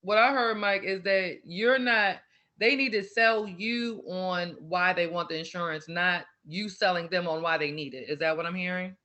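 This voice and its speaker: A male host with a high, bright, sharp voice sums up the speaker's point in a training session. He sounds distant and quiet on the call line. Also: normal speed.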